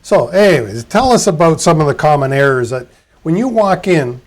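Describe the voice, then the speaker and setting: A male podcast host with a somewhat high voice. He asks his guest questions in a relaxed, joking way. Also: moderate pace. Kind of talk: casual interview questions.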